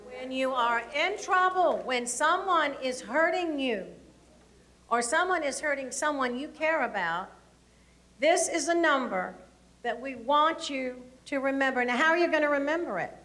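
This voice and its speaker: High-voiced woman quizzing school kids. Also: expressive, normal speed, pushed and bright. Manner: coaxing, questioning children. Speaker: seminar presenter. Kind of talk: presenting to school children.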